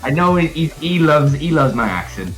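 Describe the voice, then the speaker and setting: Soft background music accompanies a slightly high, sing-song voice with a fairly bright tone at a moderate pace. The speaker is a South Wales man with a Welsh accent, casting an online fighting game tournament from home with playful, viewer-hyping live commentary.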